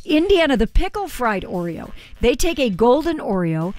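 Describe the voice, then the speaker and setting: A woman's voice: on the high side, sing-song, moderate pace. A woman co-hosting a morning radio show, reading off a list in casual, chatty talk. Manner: listing items in a bright, chatty way with laughs. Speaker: radio co-host.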